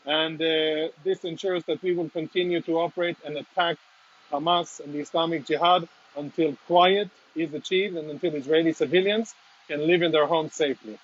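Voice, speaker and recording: A man speaking as a military spokesman, reporting live and earnestly from inside a damaged apartment, audibly emotional with halting restarts. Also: on the high side, steady tone, lo-fi sound. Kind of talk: live walk-through report.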